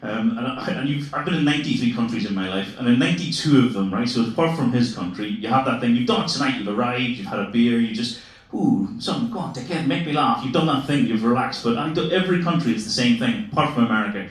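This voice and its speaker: Quick and medium-pitched with few pauses, a man from Ireland in his forties jokes on stage at a comedy club, cursing and laughing while he ribs the audience. The sound is distant and echoey, full of crowd laughter.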